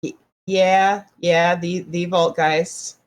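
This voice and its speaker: A woman's voice: lowish voice, little pitch movement, slow pace. A woman playing a shy hero in a tabletop game, hesitant and stammering. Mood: timid.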